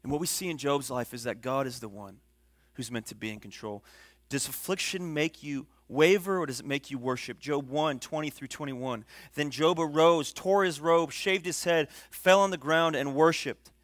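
A man preaching a sermon as pastor, swinging from hushed, low passages to loud, emphatic ones. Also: normal speed, no room sound.

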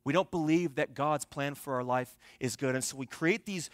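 A young man preaching a sermon, telling a story and swinging between soft, quiet passages and loud, emphatic ones. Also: medium pitch, moderate pace, few pauses, no echo, studio quality. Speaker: pastor.

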